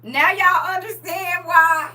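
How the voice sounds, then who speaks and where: Lively, bright-voiced woman talking faith. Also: extremely high pitch, takes it slowly, recorded from a distance. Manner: animated, laughing often, reading comments aloud. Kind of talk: casual faith talk to viewers.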